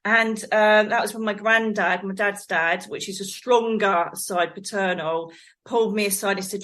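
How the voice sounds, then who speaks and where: A middle-aged woman from England, a psychic medium guest telling her life story in a rambling, animated way, laughing often. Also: medium pitch, normal speed. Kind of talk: conversational storytelling.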